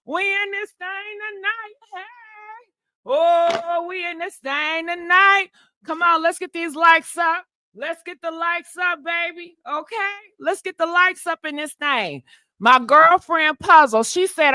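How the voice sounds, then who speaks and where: Sassy high-voiced woman hosting a livestream. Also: dry recording, studio quality. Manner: sassy, animated, greets viewers and laughs often. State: short of breath. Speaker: livestream gossip host. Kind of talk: casual livestream chat.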